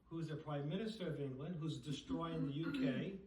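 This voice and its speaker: This man's voice is fairly high with a darkish tone, and he talks at normal speed while chattily introducing books to a dinner group, often checking in with "okay?" and "right?". The room is echoey and he sounds far off.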